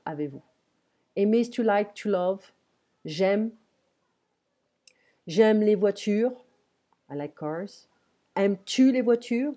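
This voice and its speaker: Teacher lady, soft warm voice, says things twice real patient. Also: mid-range voice. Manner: patient, repeats phrases slowly and clearly. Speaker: French teacher. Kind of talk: live online language lesson.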